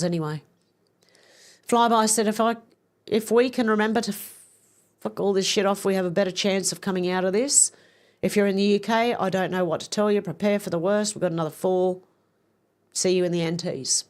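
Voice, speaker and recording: A middle-aged woman hosting a livestream, chatting casually, giggling as she reads viewers' comments aloud. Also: mid-range voice. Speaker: livestream host.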